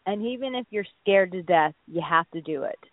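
A woman in her thirties, a dating coach, telling a story in casual radio chat, animated and full of "like". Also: fairly low pitch, fairly quick, no room sound. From Texas. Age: 30s. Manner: animated, acts out quotes, lots of "like". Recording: tinny phone-line sound, dry.

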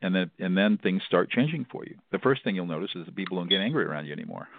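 A low-pitched middle-aged man speaks in an earnest, explanatory way, often repeating words as he restarts his sentences. The sound is dry and narrow, like a phone line. He is a mediator answering interview questions. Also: racing, gravelly, no room sound. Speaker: mediator, guest.

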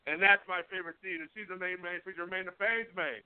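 A man's voice: high-pitched, steady tone, fast, hardly any pauses, smooth, no echo. A man co-hosting a radio show, chatting casually, rambling and laughing as he talks. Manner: rambling, laughs often, restarts. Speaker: co-host. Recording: tinny phone-like sound.

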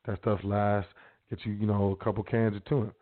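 A man talks in a loose, slangy way, rambling through casual advice as the host of his own show. His voice sits a little low. The sound is thin and boxy, like a phone line. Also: flat delivery, fairly quick. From South Side of Chicago.

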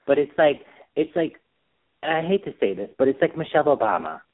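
Man, podcast co-host, casual chat, expressive, lively pitch, tinny phone-like audio. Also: brisk. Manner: expressive, laughs easily.

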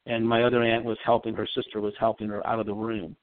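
A man's voice: lowish voice, flat delivery, quick pace, dry recording. Rambling man on a tinny phone line. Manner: rambling, earnest storyteller. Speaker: psychic medium guest. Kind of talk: casual storytelling on a call-in show.

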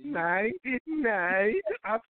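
A man's voice: high voice, animated, drawn-out words, creaky, no room sound. A man co-hosting a casual talk show, teasing and interrupting to press his questions. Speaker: co-host. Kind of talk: casual call-in show banter. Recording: tinny phone-like line, dry.

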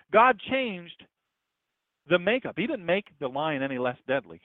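A man preaching a sermon in a conversational style, asking rhetorical questions and swinging between loud and hushed lines. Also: a little high, no room sound. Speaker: pastor. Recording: tinny, phone-like dry recording.

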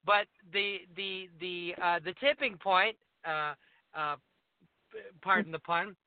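High-voiced man telling a story by phone. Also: slow pace, clean tone. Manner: animated storyteller, acts out dialogue, laughs often. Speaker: wrestler guest. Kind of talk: casual phone interview storytelling. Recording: tinny phone line.

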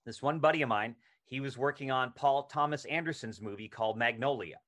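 Speaking briskly in a mid-range voice, a middle-aged male actor spins a lively story while chatting as a guest on a podcast. Whenever he quotes someone, he acts the line out.

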